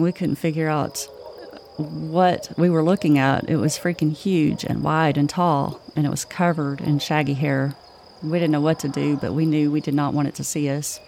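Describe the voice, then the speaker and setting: A woman co-hosting a podcast, telling a spooky story in a slow, measured way. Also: sits low, a little hiss or hum. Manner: slow, measured, flat delivery. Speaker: podcast co-host. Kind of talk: spooky campfire-style storytelling.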